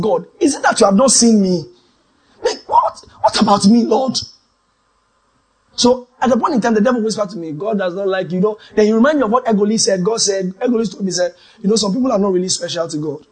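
A man preaching a sermon testimony, dramatic, swinging from shouted lines to hushed asides. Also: high voice, husky.

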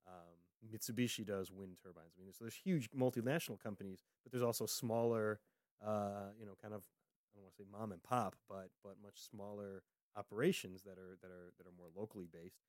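This political talk show co-host has a lowish voice with fairly even intonation, recorded dry in a clean studio. He chats conversationally and loosely, trails into fillers, and picks up speed when making a point.

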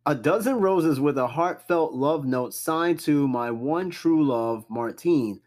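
A man hosting a casual solo podcast, reading out a list and reacting with loud, profane, joking comments. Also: on the high side, slow. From New York. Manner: animated, cussing, jokey reactions to a list. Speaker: podcast host.

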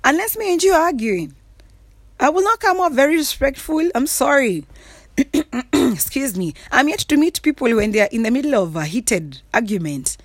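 A woman giving a sassy, emphatic casual monologue from her bed, often clearing her throat and laughing. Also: high-pitched, big pitch swings, normal speed, dry recording. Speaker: vlogger. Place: in bed at home.

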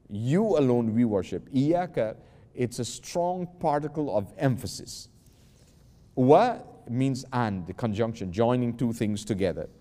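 A man's voice: mid-range voice, warm tone, long reverb tail. A man giving a patient religious lesson. He recites verses, translates them and explains each word, often repeating himself and restarting with "uh". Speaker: religious teacher.

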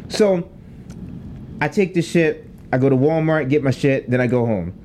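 A man's voice: mid-range voice, moderate pace, a little hiss or hum. A young man, a podcast co-host, telling a long profane story in casual chat and acting out the voices in it. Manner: animated, profane storytelling with acted-out quotes.

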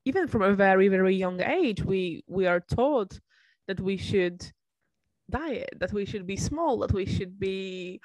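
Relaxed woman co-host, dry close sound. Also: mid-range voice, measured pace, dry recording. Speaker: podcast co-host. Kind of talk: casual chat.

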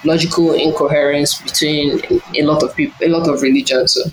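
A woman's voice: low-pitched, brisk. Blunt Nigerian woman, roomy sound. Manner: blunt, animated, swears freely. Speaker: podcast guest. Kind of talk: casual podcast conversation. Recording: roomy echo, faint ambient noise.

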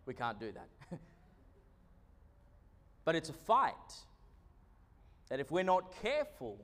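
A man's voice: on the high side, huge pitch swings, slow, pauses often. A man, a pastor delivering an emphatic sermon with frequent "uh" fillers.

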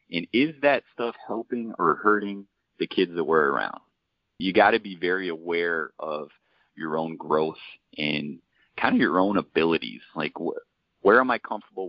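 A man who coaches basketball, casually telling a story on a podcast and acting out the quotes in a lively way. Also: low voice, no echo, muffled recording. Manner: conversational, animated storyteller, acts out quotes.

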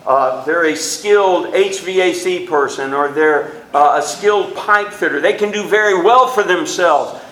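A man preaching a sermon in a church, his pitch rising sharply on emphatic words. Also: moderate pace, few pauses, a bit bright. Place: church sanctuary. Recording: echoey church room.

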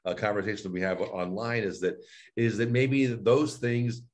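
A man with a low-pitched voice talks casually as a voice coach on a video call. He tells his stories animatedly, acts out the lines he quotes, and often restarts his sentences. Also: steady tone, normal speed, darkish tone. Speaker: voice and speech coach. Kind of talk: casual online interview chat.

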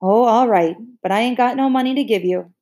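A woman's voice: a little high, fairly quick, mellow, pitched above the performer's own voice, natural voice. A woman voicing a stern, tired farm mother who scolds her children curtly. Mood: scolding. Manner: scolding, curt.

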